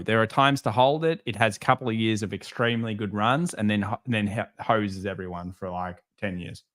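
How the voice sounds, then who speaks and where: A man hosting a live market stream, reading viewer comments and answering them with sarcastic jokes and animated stories. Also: mid-range voice. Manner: sarcastic, joking, animated storytelling.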